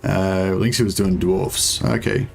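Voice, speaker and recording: A man's voice: sits low, steady tone, a little slow, gravelly, darkish tone, soft background music. A young man, streaming a strategy game and chatting casually with viewers, hesitant with many fillers. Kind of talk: casual gameplay commentary.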